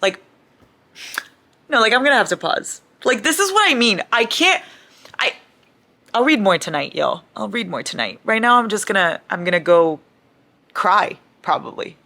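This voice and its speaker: A young adult woman chatting casually in a book vlog. She gushes and swears freely, and her talk is excitable. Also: mid-range voice, normal speed, long pauses. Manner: excitable, gushing, swears a lot. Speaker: book vlogger. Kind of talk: casual reading vlog chat.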